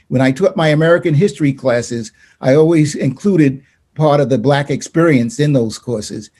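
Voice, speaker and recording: A man who teaches, giving measured, reflective remarks with some hesitant fillers on an online panel. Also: mid-range voice, dark tone. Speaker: educator and panelist.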